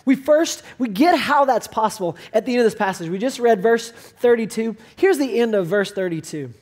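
Man, pastor, sermon, conversational storytelling, personal and direct. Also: very high voice. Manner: conversational, storytelling preaching with rising intensity.

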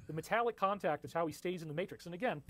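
A man's voice: sits high, racing, soft background music. A man reading his old writing aloud to an audience and commenting on it in an earnest, storytelling way.

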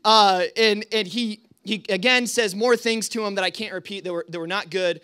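A young man tells stories to a youth group in a loose, rambling style, full of "like" and "um". His voice sits high and sounds bright and sharp. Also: moderate pace, clear, resonant tone. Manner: casual, rambling, full of fillers. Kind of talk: storytelling talk to a youth group.

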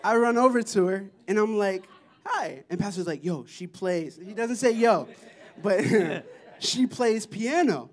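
A man sharing mission trip testimonies at a church, telling the stories in an excited, animated way, often laughing. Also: high voice, a little slow. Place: church service.

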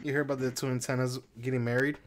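A man co-hosting a podcast, telling stories and dad jokes in a casual, animated way, laughing often and swearing freely. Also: mid-range voice, rapid-fire, a little hiss or hum. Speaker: podcast co-host.

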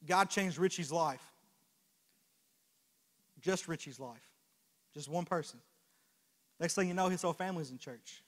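A young man preaching with passion, his voice sitting somewhat high for a man. He stacks rhetorical question on question, and the sound carries a long reverb from a church hall. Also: unhurried, pauses often. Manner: impassioned, swinging from quiet confession to loud exhortation. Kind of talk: sermon. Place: church sanctuary.

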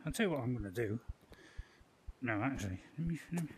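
A man's voice: medium pitch, animated, racing, darkish tone, slight background noise. A man giving playful, joking commentary while playing a VR game and chatting to its characters. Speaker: gaming channel host. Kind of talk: casual VR gameplay commentary.

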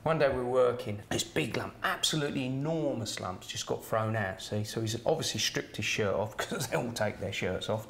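A middle-aged man tells casual anecdotes. His voice is gravelly and sits at a medium pitch. He keeps checking in with "right?" and chuckles as he goes. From Kent, England. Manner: chatty, with "right?" tags and chuckles. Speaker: former doorman.

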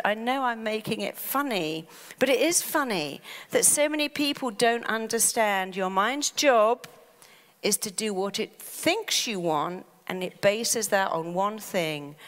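A middle-aged woman giving a motivational talk, who acts out the voice of the mind in lively quoted asides. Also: lowish voice. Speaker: motivational speaker. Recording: long hall reverb.

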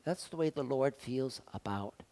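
An older man preaching a sermon as pastor, conversational, asking the congregation rhetorical questions and swinging between loud and soft. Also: mid-range voice, animated, moderate pace.

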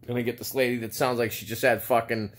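Talking quickly with a medium-pitched, flat delivery, a Boston-accented man rants through a storytime on his video. Sarcastic and fed up, this vlogger curses nonstop.

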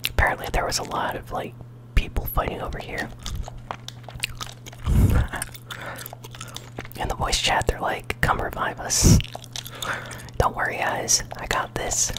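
A channel host whispering gameplay commentary while chewing gum, relaxed and chatty, with flashes of excitement. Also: moderate pace.

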